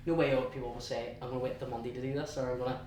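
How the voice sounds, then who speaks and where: A young man with a Belfast accent telling his story as an interview guest, chatty and halting, with many restarts. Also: mid-range voice, level tone, darkish tone, a little hiss or hum. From West Belfast, Northern Ireland. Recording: echoey room, heard from a distance.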